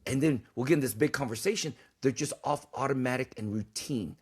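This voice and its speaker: A podcast host with a husky, medium-pitched voice talks fairly quickly in a casual way. He's blunt and emphatic, preaching his points and swearing freely.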